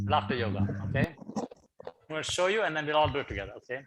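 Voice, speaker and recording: A middle-aged man speaking over a video call as a guest speaker, coaxing his audience through a lively online session and often repeating words as he gets going. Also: on the high side, fast talker, very noisy. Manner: animated, coaxing, repeats words when starting. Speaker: guest speaker for teacher training. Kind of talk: online lecture leading laughter exercises.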